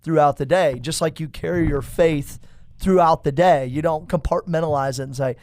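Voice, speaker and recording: A man's voice: a little high, normal speed, darkish tone, no room sound. A man, a priest hosting a podcast, chatting casually in a jokey, rambling way with many restarts, recorded in a studio.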